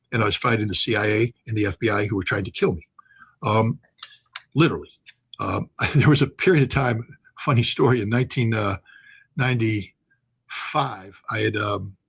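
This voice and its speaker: A former weapons inspector in his sixties answers interview questions with long, animated anecdotes full of fillers and restarts. His voice is fairly low, creaky and husky.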